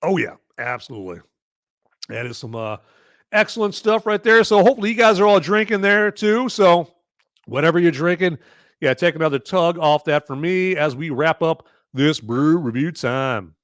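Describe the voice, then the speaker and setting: A man's voice: a little high, animated, normal speed, fairly bright tone, no room sound, studio quality. A man from the United States hosting a live movie review podcast, rambling in casual chat with lots of fillers and restarts. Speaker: podcast host.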